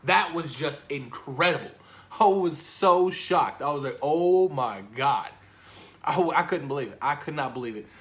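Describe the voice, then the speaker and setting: Dude fanboying over a movie, kinda high voice, swears a lot, keeps repeating stuff. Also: male voice, normal speed. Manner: excited, profane, repeats himself. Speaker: movie reviewer. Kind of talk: casual spoiler talk.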